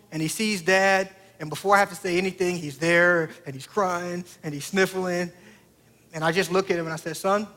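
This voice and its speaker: A man's voice: high voice, fairly bright tone. A man in his thirties, a pastor preaching a sermon through a family story, talking conversationally and putting direct questions to the congregation.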